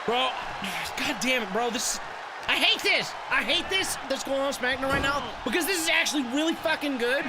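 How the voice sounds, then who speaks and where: A man live streaming, reacting excitably and with lots of swearing, often shouting. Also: very high-pitched, moderate pace, loud music behind the voice. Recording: loud crowd and noise from the broadcast. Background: loud wrestling crowd from the broadcast.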